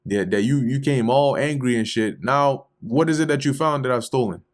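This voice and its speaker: A man's voice: mid-range voice, moderate pace, close to an everyday voice. A man voicing an exasperated grown shepherd who heatedly challenges his father-in-law in slangy, confrontational talk. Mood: indignant.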